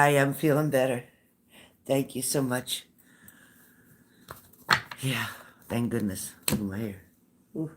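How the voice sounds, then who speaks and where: A woman's voice: rumbling low, noisy background. Chatty woman greeting live viewers. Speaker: psychic reader hosting a live stream. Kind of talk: casual live-stream chat.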